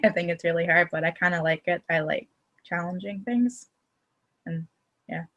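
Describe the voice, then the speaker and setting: A woman's voice: fairly low pitch, moderate pace, a bit bright. A young woman chatting as a podcast guest, cheerful and giggly with a sarcastic streak. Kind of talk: casual podcast chat.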